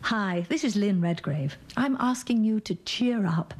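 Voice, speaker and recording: A woman's voice: animated, measured pace, darkish tone. A woman from England with an English accent, telling a playful comic story in a recorded greeting. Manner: storytelling, playful, acts out squeaky childish quotes. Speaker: celebrity greeter.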